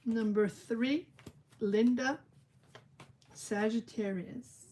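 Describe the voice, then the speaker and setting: Slow-talking woman reading tarot live. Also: on the high side, warm tone. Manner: musing, talks to viewers by name. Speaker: tarot reader.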